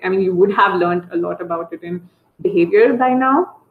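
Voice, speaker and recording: A woman therapist explaining language techniques to parents in a training session, breaking into high sing-song voices to model how to talk to children. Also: a little fast, roomy sound, phone-quality sound, a little hiss or hum. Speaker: early intervention therapist. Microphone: video call.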